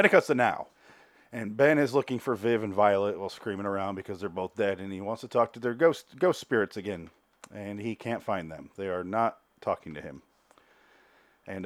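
Podcast host, male, lowish voice, loose and sarcastic, swears freely; dry close recording. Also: no room sound. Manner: rambling, sarcastic, acts out characters' lines in quick asides. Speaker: podcast host reviewing a TV show. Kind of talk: casual profane recap.

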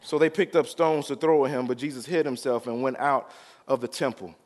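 A male pastor preaching a sermon, drawing out the crowd with call-and-response and swinging from quiet to loud. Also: mid-range voice, steady tone, fairly quick.

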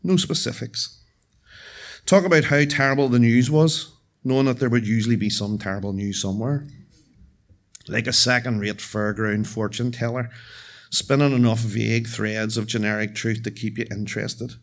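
A man telling a true story live on stage, measured and wry with dark humour. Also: medium pitch, fairly even intonation. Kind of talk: live first-person storytelling.

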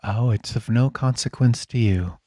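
A man acting as game master in a tabletop role-playing session, voicing the characters he runs in a calm, measured way. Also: medium pitch, no echo, clean studio sound.

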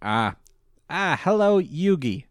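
A man's voice: fairly high pitch, sing-song, slow, no echo, clean studio sound, pitched above the performer's own voice. A man putting on a hammy brainwashed villain. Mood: mock-grandiose. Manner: hammy mock-villain speech, raised voice. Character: mind-controlled young man turned villain, grandiose.

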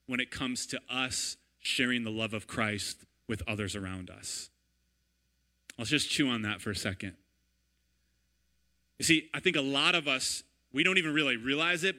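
A man in his thirties preaching a sermon in a lively, conversational way, often checking in with "right?". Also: mid-range voice. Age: 30s. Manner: animated, conversational, repeats "right?" and "all right?". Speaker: pastor.

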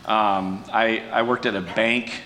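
A man preaching in a relaxed, conversational way, folksy and self-deprecating, with restarts and fillers. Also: slow. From California. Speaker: pastor. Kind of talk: conversational sermon talk. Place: church sanctuary. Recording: distant mic with long hall reverb and faint rumble.

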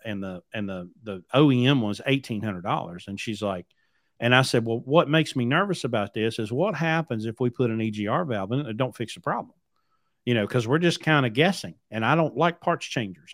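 A man's voice: medium pitch, dry recording. Guy rambling through a story on his podcast, blunt and emphatic, mid voice, dry room. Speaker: podcast host and trucking company owner. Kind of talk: casual storytelling.

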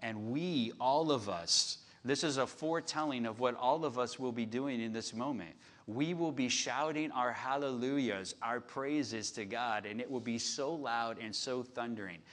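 A man preaching a sermon, reading scripture loudly and then dropping to a soft, confiding tone. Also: medium pitch, moderate pace, few pauses. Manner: animated, swings from loud reading to soft confiding. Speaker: pastor. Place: outdoor patio church service.

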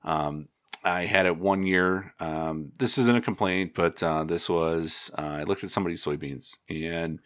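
Man, very low voice, relaxed rambling agronomist, casual advice, dry close sound. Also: a little slow, no echo. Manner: relaxed, rambling, many fillers and restarts.

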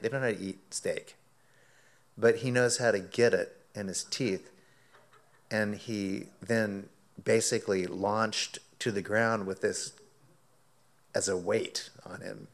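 A man preaching, telling a lively anecdote as a sermon illustration and acting out his own quoted words, often laughing. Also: on the low side, unhurried. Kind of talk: sermon illustration told as a story.

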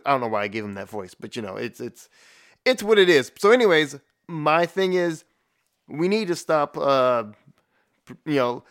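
A man's voice: a little high, sing-song, moderate pace, a bit bright. A man giving a profane, rambling rant in blunt, casual commentary, with frequent restarts.

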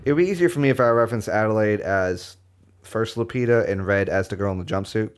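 A man's voice: fairly low pitch, fast, clean tone. A man co-hosting a podcast, retelling film scenes in a loose, casual way and cursing now and then. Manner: loose and casual, drops in curse words. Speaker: podcast co-host. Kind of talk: casual film-discussion chat.

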